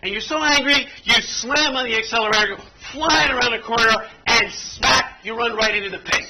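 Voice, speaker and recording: A man with a very high voice leads a playful, interactive workshop, spinning a story for people seated at tables. He jokes easily with the room. The recording carries clear background noise. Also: fairly quick. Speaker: workshop presenter. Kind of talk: interactive training demonstration. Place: conference room with audience at tables.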